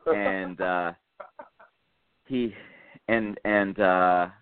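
A man's voice: deep voice, fairly even intonation, extremely slow, smooth, no room sound. A man in casual podcast chat, telling a story in a rambling way with many fillers. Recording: tinny phone-like dry sound.

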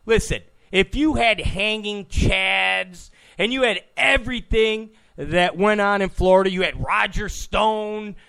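A man's voice: sits high, a little slow, gravelly, hardly any pauses, bright, forceful tone, clear, resonant tone. A man hosting a political talk show, giving an opinionated monologue, emphatic, repeating phrases and stammering on restarts.

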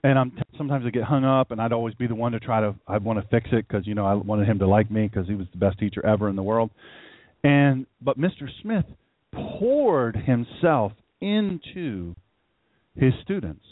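A man's voice: fairly low pitch, fast talker, dry recording. A middle-aged man, a pastor hosting a live radio show, preaching in a conversational way and repeating phrases for emphasis. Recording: dry, tinny phone-line sound.

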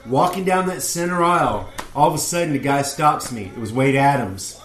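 A man's voice: medium pitch, expressive, normal speed, a bit bright, soft background music. A man co-hosting a casual wrestling fan talk show, telling rambling stories and acting out the people he quotes. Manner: rambling storyteller, acts out quotes. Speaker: podcast co-host. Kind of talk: casual chat. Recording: roomy echo.

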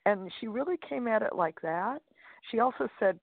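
A woman's voice: fairly high pitch, animated, normal speed, vocal fry, no room sound. Upbeat woman guest on a phone line. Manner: upbeat and chatty, with frequent fillers. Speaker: guest author and speaker. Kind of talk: interview over a phone line. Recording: dry, tinny phone line.

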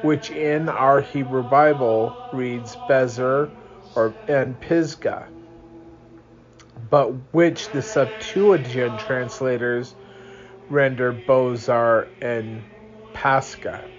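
A man's voice: medium pitch, steady tone, very slow, dull audio, a little hiss or hum. A young man reading a religious book aloud at home in the early morning, tired and yawning, drifting into rambling asides. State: sleepy.

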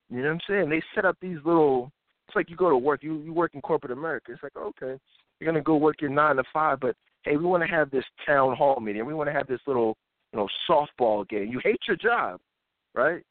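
A man in his thirties hosts a live talk show, ranting with a lively, animated voice that swoops up and down. He now and then mocks people in put-on voices. The sound is thin and phone-like, with no room echo. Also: fairly high pitch. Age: 30s. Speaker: host.

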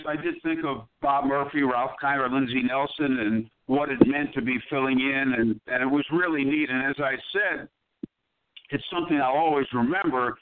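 An older man from Brooklyn, a broadcaster, giving measured answers with precise diction in an interview. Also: medium pitch, smooth. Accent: mostly neutral American, faint New York traces. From Brooklyn, New York. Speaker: guest broadcaster. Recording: tinny phone-like line.

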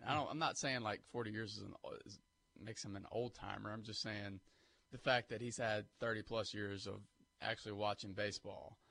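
A man's voice: lowish voice, gravelly, a bit bright. A young man co-hosting a morning sports radio show, explaining his points in a casual, rambling way. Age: young adult.

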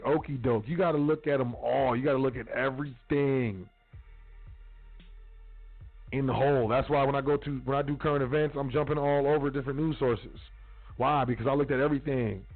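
Male host, mid pitch, blunt slangy monologue, tinny phone-like line, soft music under it. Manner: street slang, blunt, profane. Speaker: podcast host. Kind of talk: casual monologue.

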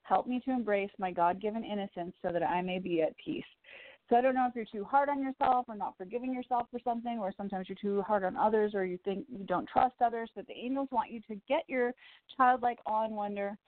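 Talking fast in a mid-range voice, this radio psychic from Chicago hosts a call-in show and offers callers upbeat angel card readings. She's warm, chatty, and reassuring, laughing as she goes, and the sound is a tinny, dry phone line without echo.

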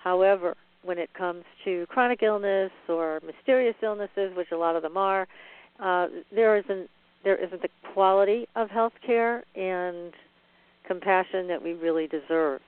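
Calm interview host, smooth clear voice, dry phone-line sound. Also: mid-range voice. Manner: measured, affirming. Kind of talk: interview questions.

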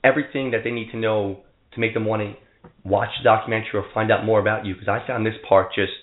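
A man's voice: fairly low pitch, fairly even intonation, quick pace. A male podcast host asking eager, rambling questions. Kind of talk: interview questions. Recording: tinny phone-like sound in a roomy space.

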